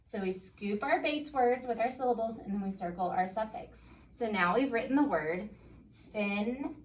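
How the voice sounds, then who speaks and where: Patient first grade teacher, woman, slow clear phonics, slightly distant mic. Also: a little high, slight background noise. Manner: upbeat, patient, sounds words out slowly. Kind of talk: phonics lesson for young children.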